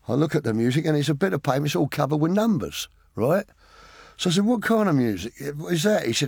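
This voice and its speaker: A man telling an anecdote in an old archive interview, his voice raised and swinging widely in pitch. It comes across husky and gravelly in a dry, close recording, with faint music under it. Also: fairly quick, no echo. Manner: lively anecdote-telling with put-on voices for others.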